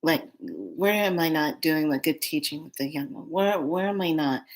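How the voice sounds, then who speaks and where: A woman's voice: sits low, lively intonation, moderate pace. A middle-aged woman vlogger telling a personal story in a casual, rambling way, often repeating words and starting over. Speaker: spiritual vlogger.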